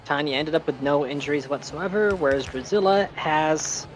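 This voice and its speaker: An animated streamer narrating in-game events and cheering the characters on. The talk is casual and loose, full of quick reactions. Soft background music runs under the voice. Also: medium pitch. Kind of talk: casual gaming stream chat.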